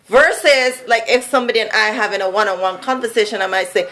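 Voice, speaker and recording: A woman's voice: a little high, fast, hardly any pauses, fairly bright tone, rough recording. A woman from Saint Vincent with a Vincentian accent, chatting casually to camera in a sing-song, musical way and laughing often. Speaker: vlogger. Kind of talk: casual monologue.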